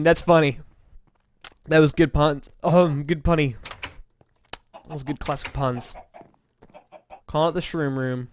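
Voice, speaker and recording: A man's voice: on the high side, steady tone, a little slow, pauses often, clean tone. A man from Indiana casually chatting over a game he is playing, rambling and self-mocking, tired from little sleep. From Indiana, USA. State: tired, yawning. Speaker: gaming commentator. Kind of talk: casual let's-play chat.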